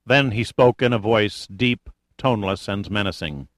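A man narrating a thriller audiobook in a steady, measured storytelling manner. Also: lowish voice, no echo. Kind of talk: scripted narration.

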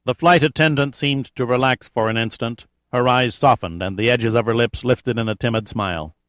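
A man's voice: medium pitch, normal speed, a bit bright, dry recording, highs cut off. Male audiobook narrator, dry sound. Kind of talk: scripted narration.

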